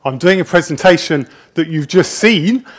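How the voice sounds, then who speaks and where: A man's voice: on the high side, lively intonation, moderate pace. A middle-aged man speaking at a conference, a nervous, chatty storyteller who jokes at his own expense, on a wireless presenter mic. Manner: nervous, chatty storyteller with self-deprecating humour. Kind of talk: conference talk. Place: conference hall. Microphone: wireless presenter mic with a body pack.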